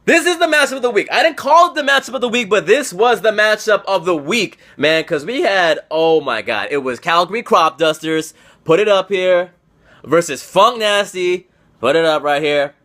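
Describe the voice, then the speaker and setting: A young man hosting a casual fantasy football league recap, profane and excitable, teasing his friends and repeating phrases for emphasis, talking indoors to camera. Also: sits high, normal speed.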